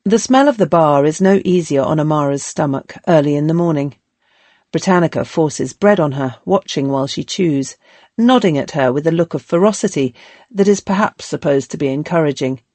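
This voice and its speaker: A woman narrating a historical novel as an audiobook in a calm, measured storytelling manner. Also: low-pitched, dry recording.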